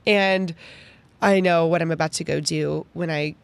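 A young woman hosting a podcast, telling a personal story in an animated, chatty way full of "like" fillers. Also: sits low, normal speed, gravelly. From Pittsburgh, United States. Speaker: podcast host.

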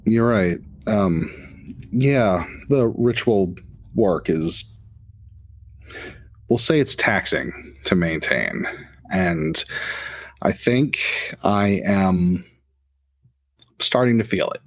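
A man's voice: on the low side, lively intonation, extremely slow, long pauses, exaggerated voice. A man voicing a tired, loyal male vampire ritualist who speaks earnestly and defensively. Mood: dutiful.

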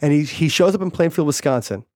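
A man's voice: a little high, expressive, fast talker, darkish tone, no room sound, clean studio sound. A man hosting a podcast, casually retelling a story and paraphrasing people's quotes in a loose, chatty way. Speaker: podcast host.

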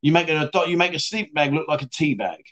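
A man's voice: on the high side, animated, fast, a bit bright, lo-fi sound. A middle-aged man hosting a casual livestream, reading out viewer comments with cheeky, self-mocking humour and frequent laughs. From United Kingdom. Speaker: livestream host.

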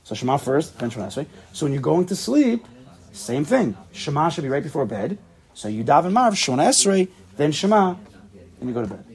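Gravelly man teaching a Talmud class. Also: fairly high pitch, big pitch swings, a little fast, a little mellow. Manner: thinks aloud, asks the class questions, laughs at himself. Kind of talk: casual Talmud study class.

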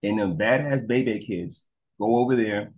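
A man telling stories in a casual interview as a guest. He swears freely and acts out dogs and people in quick voices. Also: on the low side, darkish tone. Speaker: guest, crime scene investigator. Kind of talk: animated storytelling in casual interview.

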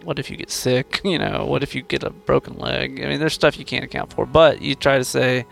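A man's voice: mid-range voice, expressive, a little fast, vocal fry, hardly any pauses, fairly bright tone, faint music behind. A man hosting a conversational interview, coaching a student with encouraging, playful, probing questions.

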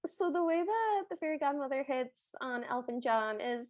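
A woman's voice: sits high, animated, normal speed, darkish tone, no room sound. A woman co-hosting a podcast, chatting casually and acting out quotes with playful voices. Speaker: podcast co-host. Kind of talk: casual chat recapping a TV special.

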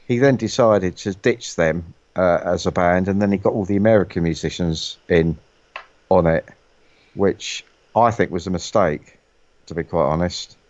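A man's voice: low-pitched, moderate pace, a little mellow, dry recording, lo-fi sound. A middle-aged man from the UK chatting casually on a call, rambling with many stumbling restarts. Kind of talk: casual chat.

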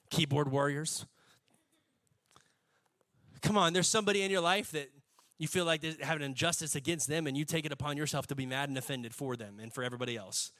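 A young adult man preaching a sermon, folksy and animated, building to emphatic peaks. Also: a little high, fast talker. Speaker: pastor.

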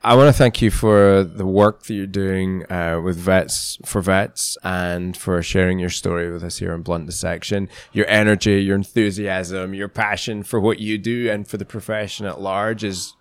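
A man hosting a podcast in casual interview chat, playful and teasing and quick to laugh. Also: low voice, steady tone, clean tone, no echo. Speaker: podcast host.

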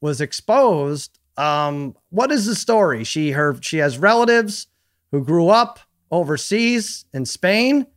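A man's voice: a little high, animated, slow. A man hosting a casual podcast chat with a slightly raised voice. He talks in a playful way and keeps throwing questions at the others. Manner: playful, quizzing. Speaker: podcast host.

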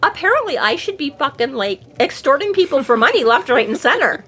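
A woman's voice: high-pitched, big pitch swings, moderate pace, fairly bright tone. Swearing, rambling woman podcast host. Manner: swears freely and acts out characters' lines; rambling, with many fillers and restarts. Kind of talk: casual book discussion chat.

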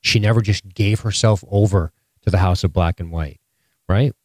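A man co-hosting a casual live-streamed show recap, talking excitably and swearing often. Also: low-pitched, moderate pace, no echo, studio quality. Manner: profane, excitable, animated. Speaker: podcast co-host.

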